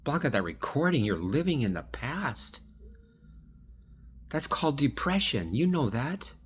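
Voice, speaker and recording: A man's voice: medium pitch, sing-song, unhurried, a bit bright, slightly rough. A man speaking straight to one absent person in a rambling, pleading video monologue. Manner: rambling, restarts and trails off. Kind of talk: direct-address video monologue.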